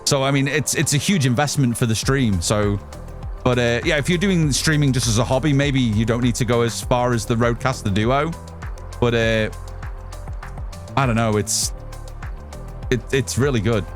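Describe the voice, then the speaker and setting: A man's voice: mid-range voice, normal speed, pauses often, faint music behind. A man streaming live, chatting casually with lots of restarts and swearing. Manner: rambling, swears freely, many restarts. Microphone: studio mic through an audio mixer.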